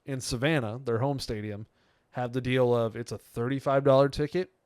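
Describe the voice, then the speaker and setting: A man co-hosting a podcast tells stories in casual chat, laughing often and slipping into the voices of the people he quotes. His voice is smooth and clear, picked up close and dry with no room sound. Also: medium pitch, steady tone, moderate pace, darkish tone, no echo. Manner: laughing storyteller, acts out quotes. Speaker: podcast co-host.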